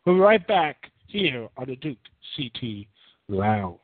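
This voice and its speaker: A man's voice: medium pitch, sing-song, slow pace. A man hosting his own podcast, giving casual, rambling, opinionated commentary that keeps circling back on his points. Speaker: podcast host. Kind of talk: casual solo wrestling commentary. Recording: dry, tinny phone-like line.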